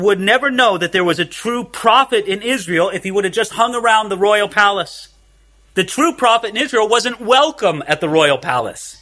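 A man preaching from the scriptures in a high, bright voice. He asks his listeners rhetorical questions and acts out the figures in the story, moving between loud stretches and near-hushed ones. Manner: expository preaching, acts out the biblical figures' words. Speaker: pastor. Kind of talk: sermon.

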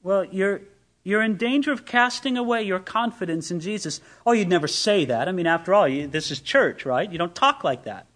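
A man's voice: sits high, expressive, moderate pace, fairly bright tone. A man preaching a sermon as pastor, asking rhetorical questions and reading scripture with emphasis.

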